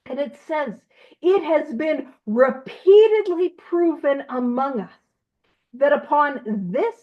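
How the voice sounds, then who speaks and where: A woman leading a recovery study over a video call, animated and self-teasing, asking question after question. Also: high voice, phone-quality sound.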